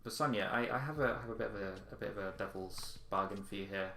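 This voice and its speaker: A man with a fairly low voice runs a tabletop game as game master, rambling along with plenty of ums and restarts. His voice rings in an echoey room. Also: fast talker, crowd noise.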